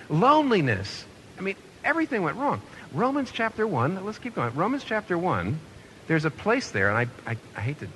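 A man preaching a sermon in a middle-pitched voice that rises and falls widely as he presses his points. He poses rhetorical questions and stumbles into quick restarts. A faint noise sits under the recording. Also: fairly bright tone. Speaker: pastor.

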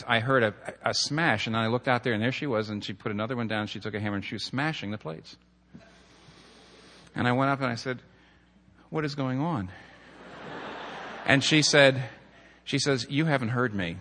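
A man's voice: medium pitch, fairly even intonation, fairly quick, bright, forceful tone. A middle-aged man, a pastor, preaching a sermon with earnest storytelling and numbered points. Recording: long hall reverb.

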